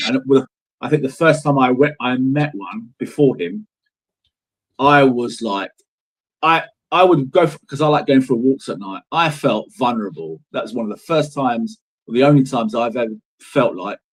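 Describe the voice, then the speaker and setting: A middle-aged man speaks as an interview guest, telling stories in a loose, rambling way. He leans hard on words and swears casually. His voice sits at a middling pitch. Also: breathy edge, poor audio. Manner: rambling, emphatic, swears freely.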